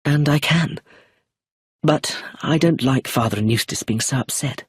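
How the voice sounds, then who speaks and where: A man reading an audiobook, voicing a serious young woman who speaks quietly and firmly. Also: mid-range voice, unhurried, husky, no echo, voice pushed up. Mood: calm. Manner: quiet, steady, decided.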